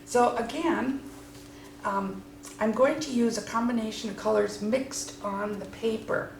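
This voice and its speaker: This watercolor teacher speaks at a measured pace in a creaky, somewhat high voice. She keeps up lively, enthusiastic chatter while she paints her demonstration, recorded in an echoey space with faint noise.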